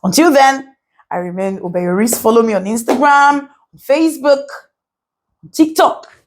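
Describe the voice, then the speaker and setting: A Nigerian woman with a fairly high voice talks straight to her followers in a casual vlog. She is a lawyer, and she talks in an animated way, firing off rhetorical questions and repeating lines for emphasis. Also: moderate pace, slight background noise. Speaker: lawyer and political commentator.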